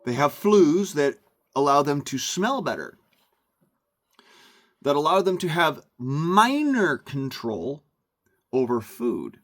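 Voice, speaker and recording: Man, slightly high voice, slow unhurried delivery, rambling emphatic rant. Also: big pitch swings. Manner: emphatic, meandering, repeats himself. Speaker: vlogger.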